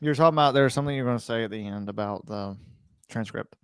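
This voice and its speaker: A man's voice: mid-range voice, clear, resonant tone. A man co-hosting a podcast in casual chat, jumping in with jokes, reactions and questions. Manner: joking, quick reactions and questions. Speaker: podcast co-host.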